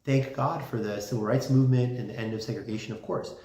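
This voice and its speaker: A man's voice: mid-range voice, steady tone, fast, dark tone. A man giving a casual classroom lecture, talking conversationally with many fillers and restarts. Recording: roomy classroom sound.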